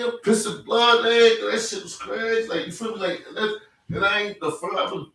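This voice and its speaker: Man, casual storytelling, street slang, forceful tense tone, roomy echo from a distant mic. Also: high-pitched. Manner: rambling street-slang delivery, constant "you feel me". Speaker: podcast host. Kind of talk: casual conversation, personal storytelling. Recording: echoey room, mic at a distance.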